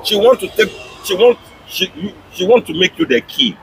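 A man's voice: sits high, normal speed, a bit bright, a little hiss or hum, low-quality recording. A man chatting casually, giving emphatic advice. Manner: emphatic, advising. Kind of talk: casual chat.

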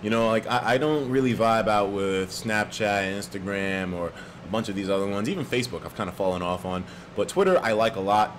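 A man chatting casually on a live stream, profane and animated, reading out viewer donations with sudden loud jumps in pitch. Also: a little fast, few pauses, background noise. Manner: reads viewer donations aloud.

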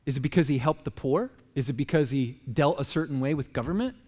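A man's voice: medium pitch, lively intonation, fast talker, darkish tone, in a large hall. A male pastor giving a casual, joking sermon, firing rhetorical questions at the congregation. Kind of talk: conversational sermon. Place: church sanctuary.

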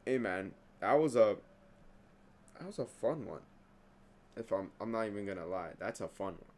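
A young man hosting a reaction video, talking back to the screen with excitable outbursts and mumbled asides. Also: on the low side, moderate pace. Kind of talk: casual reaction commentary.

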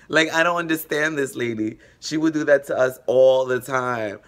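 A male vlogger telling funny stories in casual storytelling mode. His voice is bright and forward, and he talks in an animated, joking way with big swings in pitch. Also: moderate pace, few pauses.

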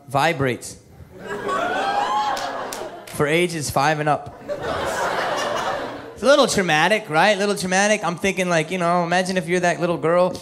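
Sarcastic male stand-up, high voice, live club mic with clear laughter noise. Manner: sarcastic, joking asides to the crowd. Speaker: stand-up comedian. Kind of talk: stand-up comedy routine.

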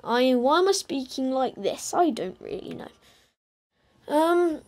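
A woman narrates her gameplay in a relaxed, drawn-out way, teasing her in-game animals in a playful singsong. Her voice sits a little higher than usual, and she takes her time with every phrase. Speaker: gamer. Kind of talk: casual gameplay commentary.

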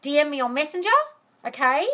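A woman's voice: high-pitched, fairly quick, fairly bright tone. A woman coaching on a live stream, answering viewers' comments bluntly, swearing freely and calling them darling. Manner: blunt and profane, exasperated rants. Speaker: manifestation coach.

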